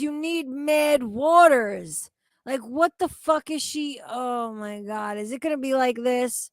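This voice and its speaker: A woman's voice: high-pitched, slow pace, dry recording, clean studio sound. A woman streamer reacting to videos, with crude, mocking and incredulous commentary full of swearing.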